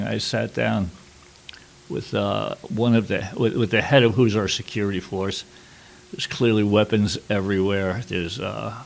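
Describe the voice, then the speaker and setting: A middle-aged man from New York City, a war correspondent telling a personal story at a workshop, halting with many fillers. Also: fairly low pitch, creaky. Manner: halting, with frequent fillers and restarts.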